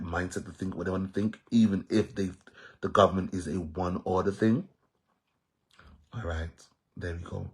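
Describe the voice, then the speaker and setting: Husky Jamaican man, defiant monologue. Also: deep voice. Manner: emphatic, repetitive, defiant. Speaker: social media commentator. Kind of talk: casual monologue to viewers.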